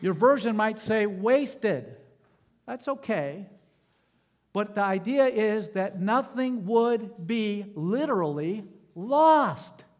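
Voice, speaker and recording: A male pastor preaching a sermon, slow and emphatic, calling out for amens and closing in prayer. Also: high voice. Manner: slow, emphatic preaching with rising calls of amen.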